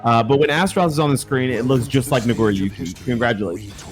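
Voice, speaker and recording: A man doing casual, jokey esports commentary on a fighting game tournament, excitable and full of swearing. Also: medium pitch, quick pace, soft background music.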